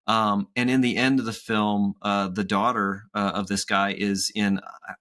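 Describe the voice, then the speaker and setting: Man, 30s, podcast co-host, casual animated storyteller, bright forceful tone. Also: on the low side, a little slow. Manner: animated storytelling with acted-out quotes. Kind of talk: casual chat.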